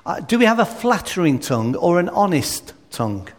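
A man's voice: high voice, very animated, brisk. A man preaching a sermon, emphatic and full of rhetorical questions. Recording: reverberant hall.

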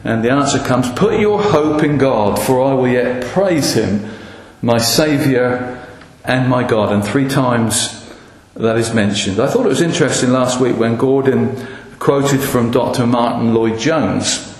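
Man, preacher, earnest sermon, halting ums, booming reverberant room. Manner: earnest, with frequent ums and restarts. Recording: echoey hall with long reverb.

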